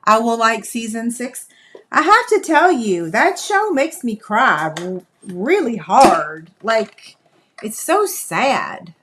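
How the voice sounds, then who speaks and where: A woman talks slowly and folksily with her viewers while she demonstrates a craft live. Her voice sits a little high. There is a faint hiss of noise in the background. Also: sing-song. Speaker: crafting livestream host.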